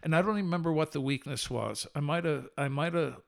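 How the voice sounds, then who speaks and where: A man with a slightly higher voice and a gravelly, creaky texture recounts a personal faith experience. He tells it earnestly and with animation, slowing down for solemn moments and rushing through lighter asides. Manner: animated, shifts between slow solemn and quick telling. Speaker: podcast guest. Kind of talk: earnest personal testimony storytelling.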